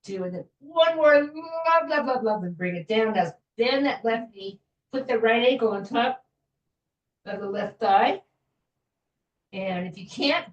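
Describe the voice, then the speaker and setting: Gentle woman leading a stretching class. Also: medium pitch, far from the mic. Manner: gentle, chatty, self-joking with little laughs. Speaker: fitness instructor. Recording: echoey room, voice from afar.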